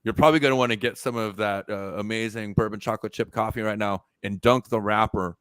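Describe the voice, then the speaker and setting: A man co-hosting a fan podcast, chatting casually and joking loudly with plenty of hype. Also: on the low side, steady tone, fast, clean tone, no room sound. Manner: loud, joking, hype-driven. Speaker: podcast co-host.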